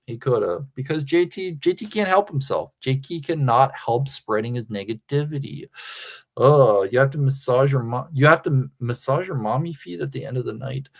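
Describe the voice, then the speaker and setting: A male livestream host ranting off the cuff in a middle-range voice. He swears constantly and taunts his targets head-on. He repeats each jab several times over for emphasis. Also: mid-range voice. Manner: profane, taunting, confrontational. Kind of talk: casual livestream rant.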